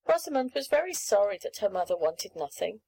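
A woman reading a children's story aloud in a clear, measured storytelling manner. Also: mid-range voice, sing-song, warm tone, low-quality recording. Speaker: audiobook reader. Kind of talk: scripted narration of a children's story.

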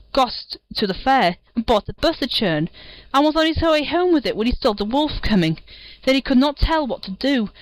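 A woman reading a fairy tale aloud for a volunteer audiobook, clear and measured. Her voice sits fairly high, and the recording is dry and close to the mic. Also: no echo, poor audio. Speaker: audiobook reader. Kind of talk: storybook reading.

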